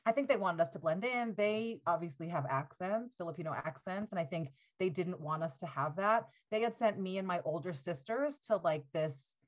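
Animated woman, laughing storyteller. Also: lowish voice, moderate pace, hardly any pauses. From United States. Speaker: guest. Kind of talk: casual podcast conversation.

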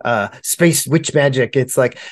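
A man's voice: medium pitch, unhurried. A man co-hosting a podcast in casual, profane banter, laughing often as he talks. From United States. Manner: laughs often, swears freely. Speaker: podcast co-host.

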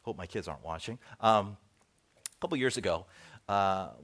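A middle-aged man preaching a sermon as pastor, telling stories and acting out bits of dialogue, then dropping to quiet asides. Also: low-pitched, moderate pace. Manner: animated storytelling, acts out dialogue, drops to soft asides.

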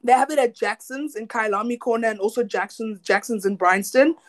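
A South African woman with a fairly high voice talks briskly while co-hosting a podcast. The conversation is relaxed and chatty, sprinkled with laughs and slang.

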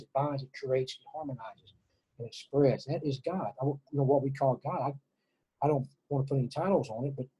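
A middle-aged former prisoner from Texas, appearing as an interview guest, speaks earnestly and emotionally about spirituality, often repeating words and starting over. His mid-range voice is warm with a breathy edge, on a low-quality recording.

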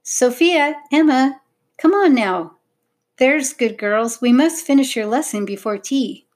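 Woman doing a gentle, prim old-fashioned governess. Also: medium pitch, sing-song, moderate pace, slightly rough.

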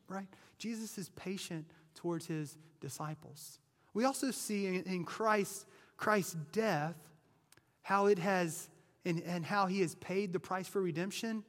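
A man preaching in a relaxed, conversational way, tossing in "right?" and doubling back on his words. His voice sits a little high for a man, and a long reverb trails after him from the hall. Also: a little slow. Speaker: pastor. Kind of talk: sermon.

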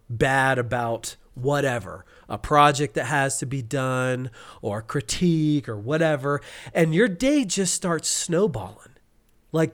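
A man co-hosting a podcast, telling an animated story and acting out frustrated cursing. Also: fairly high pitch. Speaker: podcast co-host. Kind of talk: casual podcast chat.

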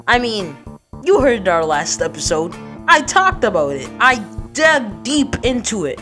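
A woman voicing a pompous, bragging boy. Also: fairly high pitch. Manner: brash, taunting, lively. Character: boastful, pompous boy podcaster.

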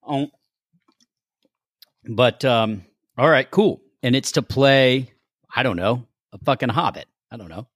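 A man spins a lively anecdote in a loose, profane, conversational way. His voice sits in an ordinary middle register and sounds close and dry, with no room around it. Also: mid-range voice, a little slow, pauses often, no room sound. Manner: animated storyteller who swears casually. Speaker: actor. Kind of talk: casual anecdote telling.

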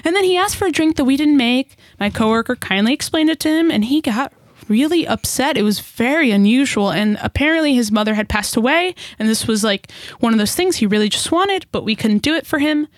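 Young woman, casual chat, storyteller, acts out quotes, fairly high voice, dry sound. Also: lively intonation, a little fast, dry recording.

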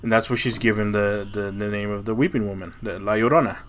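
A man's voice: fairly low pitch, fairly even intonation, fast talker. A man co-hosting a podcast, casually retelling a legend in a loose, profane way, with frequent "you know" and "like". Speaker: podcast co-host. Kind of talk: casual storytelling chat.

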